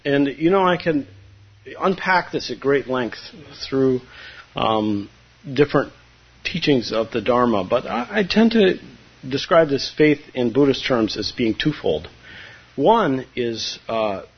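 Husky-voiced man giving a Zen talk. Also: mid-range voice. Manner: conversational, humorous, acts out students' voices. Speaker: Zen teacher. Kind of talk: dharma talk. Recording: dull lo-fi recording.

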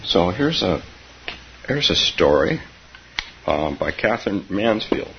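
A man in his seventies giving an unhurried, reflective dharma talk, laughing softly and dropping to whispers, in a muffled recording. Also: deep voice, big pitch swings, a little hiss or hum. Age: 70s. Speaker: meditation teacher.

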